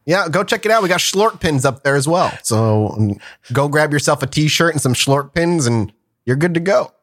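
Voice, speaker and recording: A man's voice: a little high, expressive, normal speed, a bit bright. A man hosting a podcast in casual, upbeat chat, laughing often. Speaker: podcast host.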